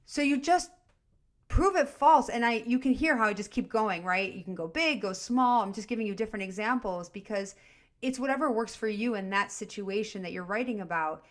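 A middle-aged woman co-hosting a podcast, talking through a self-help journaling method in an earnest, animated way with examples from her own life. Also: medium pitch, fairly quick. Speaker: podcast co-host. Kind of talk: casual coaching talk.

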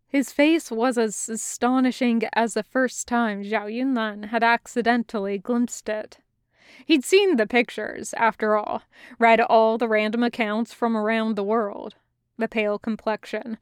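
A woman narrating a fan fiction audiobook in an unhurried, even reading style. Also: on the high side, smooth, no room sound, studio quality. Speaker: podfic reader.

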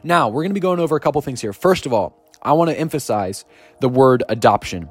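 A man preaching a podcast sermon, reading scripture slowly and emphatically and exclaiming with energy. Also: mid-range voice, expressive, husky, no room sound, faint music behind.

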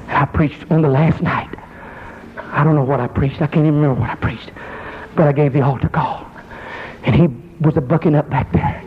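A man preaching a fervent sermon. He tells the story low and steady, then rises to cries and shouts. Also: a little fast, slight background noise. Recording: dull lo-fi recording.

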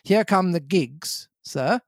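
A man's voice: high-pitched, expressive, slow pace, slightly rough, dry recording, clean studio sound, full character voice. A man reading a story voices a young male hero in a plain, earnest tone.

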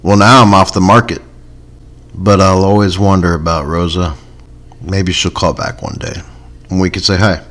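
A man's voice: sits low, fairly even intonation, moderate pace, long pauses, fairly bright tone. A man hosting a comedy podcast, talking in a laid-back, dry way that often trails off. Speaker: podcast host. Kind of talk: casual comedy podcast chat.

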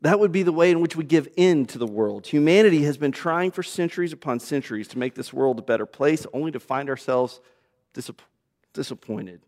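A man preaching a sermon as pastor, swinging from loud emphasis to hushed, low passages. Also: lively intonation, brisk, long reverb tail.

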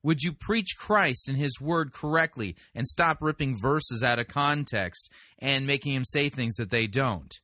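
A man's voice: medium pitch, measured pace, few pauses, pushed and bright, no echo, studio quality. A man commenting on a sermon clip, sarcastic and pointed, firing rhetorical questions. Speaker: podcast critic, sermon reviewer.

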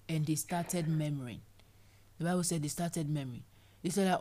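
A woman preaching a sermon, animated, acting out people's complaints in playful voices. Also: sits low, moderate pace.

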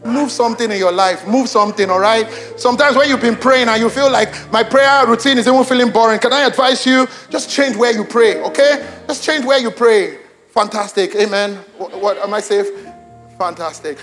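Animated pastor, high voice. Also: male voice, moderate pace, faint music behind. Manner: animated, switches between loud exclamations and hushed emphasis; repeats lines for emphasis, addresses congregation directly. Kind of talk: sermon. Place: church auditorium with congregation.

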